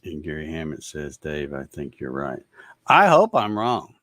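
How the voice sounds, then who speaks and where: A man's voice: rumbling low, huge pitch swings, a little slow, fairly bright tone, no room sound, studio quality. A man hosting a casual livestream, ranting in a fed-up, sarcastic way and laughing at viewer comments. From Georgia, USA. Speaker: show host reading viewer comments.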